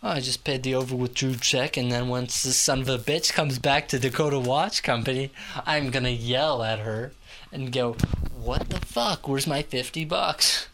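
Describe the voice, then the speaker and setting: A man's voice: mid-range voice, steady tone, normal speed, a bit bright, a little hiss or hum. A young man rambling through a crude monologue to the camera, laughing at his own jokes and stumbling over his words. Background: guitar music.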